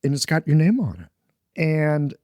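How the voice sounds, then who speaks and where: A man's voice: a little high, big pitch swings, a little slow, a little mellow, no room sound, clean studio sound. A man hosting a podcast interview, responding with appreciation. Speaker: podcast host. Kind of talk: conversational interview.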